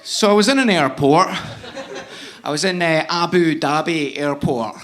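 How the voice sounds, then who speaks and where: A male stand-up comedian on stage, telling jokes with punchy, deadpan timing and laughing asides. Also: a little high, measured pace, background noise. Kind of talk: stand-up routine. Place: live comedy venue on stage.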